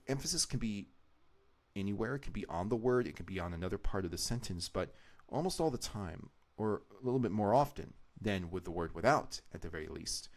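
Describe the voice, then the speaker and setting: A man with a very deep voice gives live-stream commentary while he edits a video. He explains each choice at length, wanders off on side thoughts and restarts his sentences as he goes.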